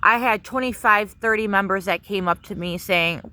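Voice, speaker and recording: Brief: woman vlogger, bright and sharp voice, heated rambling rant with lots of swearing. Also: medium pitch, normal speed. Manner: angry, profane, many fillers. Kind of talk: casual spoken rant.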